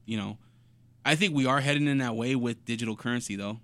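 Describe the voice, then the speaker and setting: A man's voice: mid-range voice, quick pace, fairly bright tone. A man co-hosting a podcast in casual, playful chat, jumping into silly put-on accents now and then. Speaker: podcast co-host.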